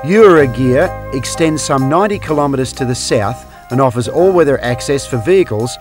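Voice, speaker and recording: A man's voice: medium pitch, expressive, normal speed, over music. A man presenting a travel documentary, narrating in an upbeat, promotional tour-guide manner. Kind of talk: scripted documentary narration and on-location interviewing.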